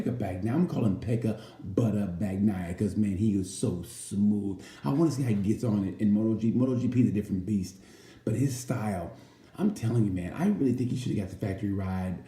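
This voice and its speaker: A man's voice: lowish voice, fast, mellow. A man in casual chat about a motorcycle race, rambling and jokey, sometimes slipping into playful impressions. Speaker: racing commentator. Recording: roomy with faint background noise.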